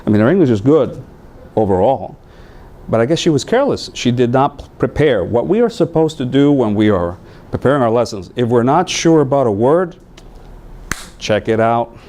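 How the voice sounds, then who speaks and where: Animated male teacher trainer. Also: medium pitch, normal speed. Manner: animated storytelling, acts out voices. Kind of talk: training talk to new teachers.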